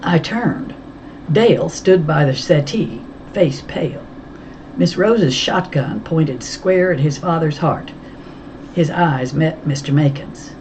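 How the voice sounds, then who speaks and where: A woman reading a first-person novel aloud, in an even, tense storytelling manner. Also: low voice, takes it slowly, slight background noise. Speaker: audiobook reader.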